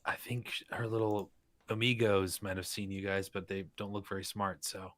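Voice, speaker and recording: Deep-voiced man joking at the game table. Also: moderate pace. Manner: animated, joking. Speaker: player.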